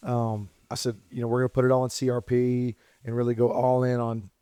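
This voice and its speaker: Male podcast guest, preserve owner, mid-pitched, plain-spoken, recorded dry. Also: completely flat delivery, brisk, mellow, clean tone, dry recording. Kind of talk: casual podcast chat. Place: indoors at a hunting preserve.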